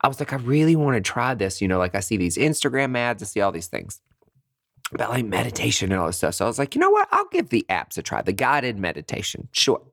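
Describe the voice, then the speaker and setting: Podcast host, lively pitch, dry close sound, casual comedic storytelling. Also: fast talker, vocal fry, no echo. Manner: animated, laughs often, chatty.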